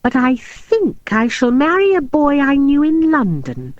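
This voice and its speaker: A woman's voice: high voice, wildly swooping pitch, measured pace, no room sound, dull audio, voice pushed up, heavily acted. A woman voicing a demure, teasing young girl who speaks with prim deliberation.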